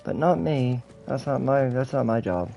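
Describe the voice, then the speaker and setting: A man's voice: medium pitch, animated, moderate pace, vocal fry, warm tone, faint music behind, low-quality recording. A man streaming a video game with casual commentary, joking and mock-ranting with heavy swearing. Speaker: gaming streamer.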